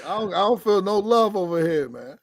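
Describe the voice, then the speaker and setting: Gravelly, high-voiced male caller. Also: lively intonation, normal speed, no room sound, studio quality. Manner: blunt, profane, argumentative. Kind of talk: phone-in chat.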